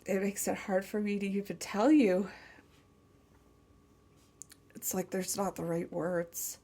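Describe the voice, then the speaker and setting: A woman tarot reader speaking a channeled message slowly and tenderly, close to tears. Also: mid-range voice, steady tone, mellow. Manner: slow, tender, emotional. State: tearful.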